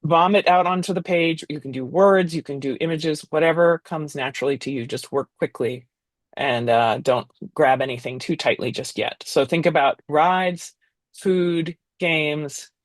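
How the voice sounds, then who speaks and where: A woman's voice: low voice, normal speed, no room sound. A woman leading an art workshop, giving loose, encouraging instructions with fillers and tag questions. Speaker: workshop leader. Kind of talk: instructional talk.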